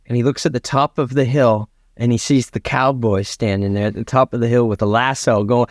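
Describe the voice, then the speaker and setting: A man's voice: mid-range voice, fairly quick, dry recording, studio quality. A man improvising a comedy adventure story as a podcast host. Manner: animated, laughing narration.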